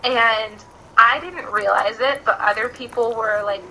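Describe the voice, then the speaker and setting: A woman, a podcast guest, telling a story in casual, animated chat full of "like" fillers. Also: on the high side, measured pace, a little hiss or hum, poor audio. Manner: animated, chatty, frequent "like" fillers.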